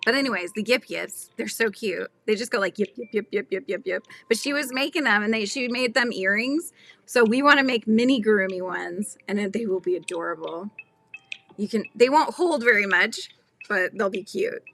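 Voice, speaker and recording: A bright, clear-voiced woman in her thirties hosts a relaxed crochet livestream from home. She chats easily with viewers, laughs often and drifts from story to story. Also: mid-range voice, moderate pace. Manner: chatty, laughs often, talks to live chat. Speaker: crochet channel host. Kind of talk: casual livestream chat while crocheting.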